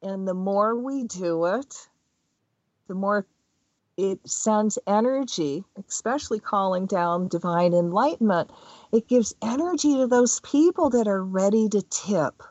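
A middle-aged woman telling personal stories in a casual spiritual talk, animated and often laughing as she speaks. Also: mid-range voice, unhurried, no room sound, muffled recording. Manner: animated storytelling, laughs mid-sentence.

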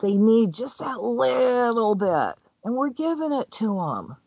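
Animated woman telling spiritual stories. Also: on the high side, measured pace, slightly rough, dry recording, muffled recording. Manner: animated storytelling, laughs mid-sentence. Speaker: spiritual speaker. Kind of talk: casual spiritual talk with personal stories.

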